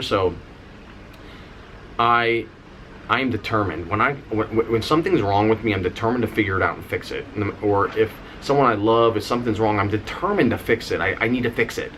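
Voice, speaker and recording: Lower-voiced man telling a candid story. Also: a little fast, slight background noise. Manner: animated, candid, swears, says "y'all". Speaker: vlogger, singer and dancer. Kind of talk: casual storytelling vlog.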